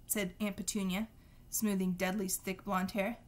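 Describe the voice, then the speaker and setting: A woman reads a novel aloud in a steady storytelling voice. Her pitch sits in the middle, and now and then she trips over a word and starts it again. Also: normal speed. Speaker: reader.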